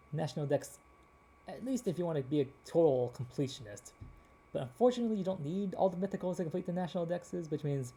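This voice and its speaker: A man hosts his gameplay video in a loose, rambling way, restarting his sentences as he goes. His voice is very dark and mellow but sits a little high. By now it has turned slightly hoarse. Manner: rambling, with frequent restarts and fillers. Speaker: gaming channel host.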